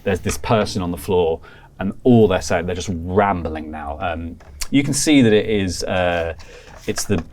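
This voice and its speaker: A man's voice: low-pitched, measured pace, darkish tone. A man narrating as game master of a tabletop horror game, describing scenes loosely and vividly. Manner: loose, vivid, full of fillers.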